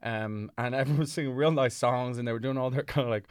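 A man co-hosting a podcast, telling a rambling story in casual chat and often dropping his voice low and soft. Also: steady tone, quick pace, hardly any pauses, smooth, no echo, studio quality. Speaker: podcast co-host.

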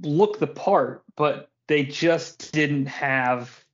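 Man, podcast host, casual rambling chat, frequent swearing, slightly high voice, dull lo-fi sound. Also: very slow. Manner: rambling, profane, laughs often.

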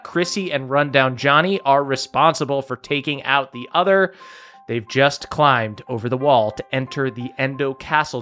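A man narrating a tabletop game as game master, relaxed, with many fillers and frequent laughter. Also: medium pitch.

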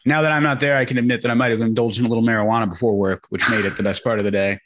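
A man with a medium-pitched voice co-hosts a casual podcast chat. He sounds laid-back and wry and swears freely. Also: fairly even intonation, racing, fairly bright tone. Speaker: podcast co-host.

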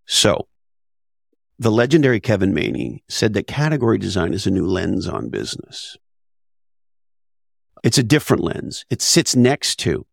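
A man's voice: fairly low pitch, creaky, no room sound, studio quality. A man talking as a podcast guest, blunt and emphatic, with rhetorical questions and casual swearing. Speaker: podcast guest, author and business advisor. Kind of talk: conversational interview.

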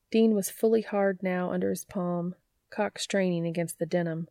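A woman narrating a story in an unhurried, even reading voice. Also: on the low side, no echo, studio quality. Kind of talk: audiobook narration.

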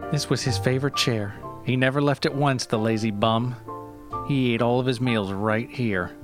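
A man voicing a brash, broke single mother who is blunt and sharp-tongued, in a comedy sketch. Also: mid-range voice, steady tone, moderate pace, over music, natural voice.

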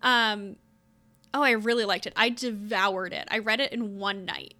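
A woman's voice: medium pitch, fairly even intonation, normal speed, pushed and bright. A young woman co-hosting a podcast, chatting casually and upbeat about books with lots of filler words. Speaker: podcast co-host.

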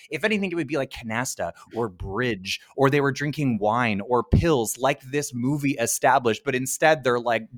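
A man co-hosting a podcast, chatting casually about an old film, animated and profane, retelling scenes with mocking impressions. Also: medium pitch, normal speed, hardly any pauses, no room sound, studio quality. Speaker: podcast co-host.

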